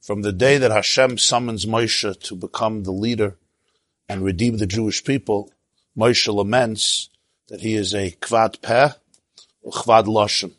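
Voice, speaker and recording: A man's voice: lowish voice, steady tone, unhurried, a bit bright, no room sound. A man teaching a Torah class in a conversational way, with jokes and asides, and his voice jumps up when he stresses a point.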